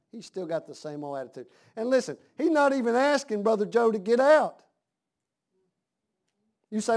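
A man preaching a sermon, dropping to a hush and then rising to shouts with slow, drawn-out emphasis. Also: very high-pitched, sing-song.

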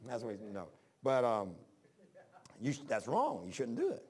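A man's voice: medium pitch, huge pitch swings, moderate pace, a little mellow, slightly rough. Rambling folksy man preaching a sermon. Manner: homespun, rambling, frequent restarts; reads scripture in old-fashioned wording. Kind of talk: folksy sermon with personal stories.

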